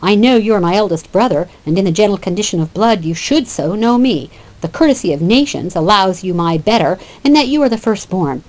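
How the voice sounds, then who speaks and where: A woman's voice: medium pitch, animated, brisk, hardly any pauses, a little mellow, lightly acted, poor audio. A woman reading as a sarcastic young hero. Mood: indignant. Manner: reading old verse aloud, sarcastic.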